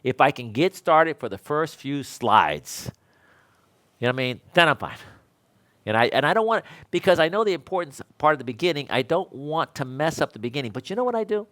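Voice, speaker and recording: A man's voice: fairly high pitch, very animated, a little fast, a bit bright. A man in his sixties, an electrical code instructor, talking casually with fellow instructors in a rambling, self-deprecating way and laughing often.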